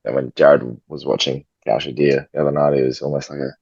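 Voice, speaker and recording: A man's voice: rumbling low, flat delivery, fast talker, creaky, darkish tone, slightly rough, dry recording. A man co-hosting a football podcast, cheeky and mock-pompous, swearing freely. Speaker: podcast co-host. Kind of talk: casual sports podcast banter. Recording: dull lo-fi home mic.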